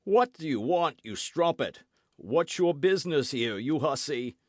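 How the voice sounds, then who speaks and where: Casual: guy doing a squeaky scared servant, way up high, yelling. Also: expressive, unhurried, no room sound, clean studio sound. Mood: panicked. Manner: shrill and yelping. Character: startled, frightened male lackey, shrill. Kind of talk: audiobook character voice.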